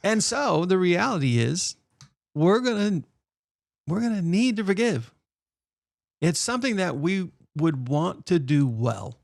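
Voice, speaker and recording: A man's voice: high voice, sing-song, unhurried, vocal fry, no room sound, clean studio sound. A man who is a pastor, co-hosting a faith podcast in casual chat, laughing often and turning urgent and emphatic when he exhorts listeners.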